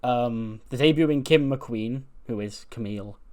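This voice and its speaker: A man's voice: medium pitch, measured pace, a little mellow. Brief: casual male let's-play host, chatty, loose, full of fillers. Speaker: game commentator.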